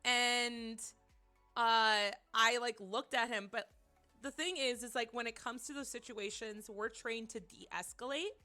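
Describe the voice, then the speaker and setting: A young woman streamer telling a story in casual chat, animated and rambling, with many fillers and restarts. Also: on the high side, measured pace, soft background music.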